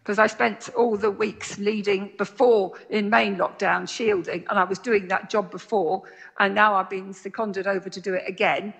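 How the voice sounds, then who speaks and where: An older woman in her sixties, from Jersey, chats casually as a guest. Her voice is bright with a gravelly edge, and she talks in a friendly, plain-spoken way. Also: mid-range voice, fairly even intonation, normal speed. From Jersey, Channel Islands. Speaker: guest, nurse. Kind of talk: casual chat.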